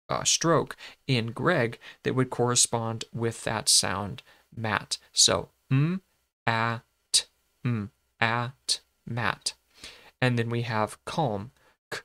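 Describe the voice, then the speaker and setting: Slow, bright-voiced man teaching. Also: mid-range voice, clean tone. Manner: patient, breaks words into sounds, self-correcting. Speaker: shorthand teacher. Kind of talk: explaining a lesson.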